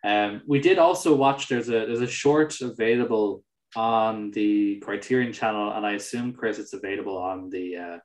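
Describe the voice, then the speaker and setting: A man's voice: fairly low pitch, normal speed, echoey room, poor audio. A man co-hosting a film podcast, talking casually and animatedly, swearing and acting out mocking quotes. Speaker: podcast co-host.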